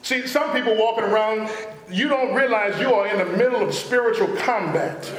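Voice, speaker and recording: A man a call-and-response sermon, drawling asides and sudden shouts. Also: sits high, moderate pace, a crowd in the background. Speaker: pastor. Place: church sanctuary. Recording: very echoey church hall.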